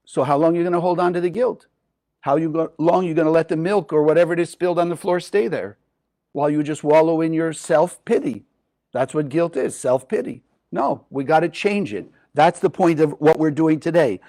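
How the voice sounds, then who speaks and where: A man giving a spiritual Kabbalah teaching to a live group, lively and often asking his listeners questions. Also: sits high, moderate pace. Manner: animated, asks the audience questions.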